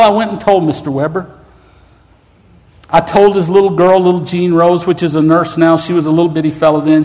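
Man preacher, very high voice, fervent sermon, long hall echo. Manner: fervent, rising to shouts. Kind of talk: emotional sermon. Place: church.

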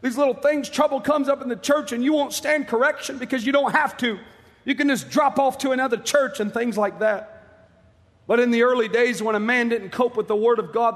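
A man preaching a fiery sermon, impassioned and pleading, rising at times to shouts. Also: high-pitched, long reverb tail.

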